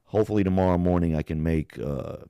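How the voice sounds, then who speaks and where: A man's voice: low-pitched, quick pace, dark tone, clear, resonant tone, no echo, clean studio sound. A young man on a live stream telling a long, profane story in a casual, rambling way. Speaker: podcast co-host.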